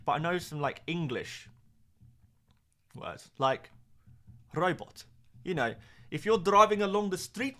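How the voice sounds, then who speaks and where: A man's voice: fairly high pitch, fairly bright tone. A young man chatting casually on a live stream, reading out viewer comments in a self-mocking, rambling way. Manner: chatty, self-mocking, repeats words and restarts. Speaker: fantasy football streamer.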